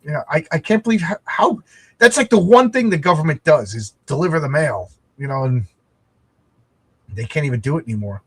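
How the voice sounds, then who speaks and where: Over a video call, a middle-aged man from the United States chats as a podcast co-host in a fairly high, animated voice with a breathy edge, talking a little fast. His casual talk rambles with many restarts.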